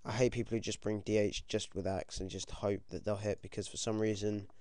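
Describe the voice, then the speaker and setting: A British teenage boy giving casual, excitable commentary over his own game, swearing often and yelping when things go wrong. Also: on the low side, fairly quick, no echo, studio quality. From United Kingdom. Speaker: gaming commentator.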